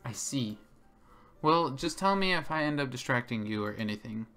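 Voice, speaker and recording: A man's voice: mid-range voice, animated, moderate pace, pushed and bright. A man streaming a game, reading its narration and dialogue aloud in a casual, easygoing way.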